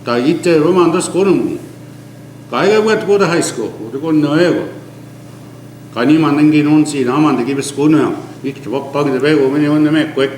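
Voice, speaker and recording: An older man giving an oral history, earnest and emphatic, mixing an Indigenous language with English, often dropping to a low quiet tone. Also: normal speed, a little hiss or hum. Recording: echoey room with faint ambience.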